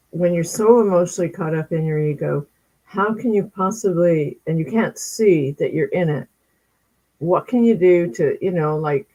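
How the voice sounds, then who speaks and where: A person asking a question haltingly, searching for words and restarting. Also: mid-range voice, mellow, rough recording.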